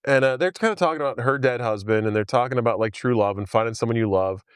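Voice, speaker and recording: A man's voice: mid-range voice, quick pace, smooth, no echo, clean studio sound. A man casually recapping a film on a podcast, rambling with many fillers and frequent laughs. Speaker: podcast host. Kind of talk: casual movie recap chat.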